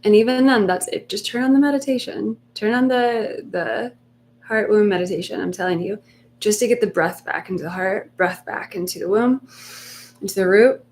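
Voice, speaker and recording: A woman giving a soft, unhurried talk on a live meditation stream, reassuring her listeners and sometimes dropping almost to a whisper. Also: mid-range voice. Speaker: meditation coach.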